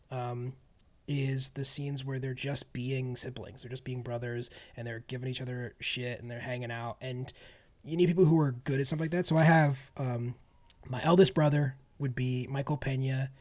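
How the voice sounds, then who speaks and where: A man's voice: mid-range voice, moderate pace, a little mellow. A man co-hosting a movie podcast in casual chat, rambling and restarting his sentences, laughing easily. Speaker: podcast co-host.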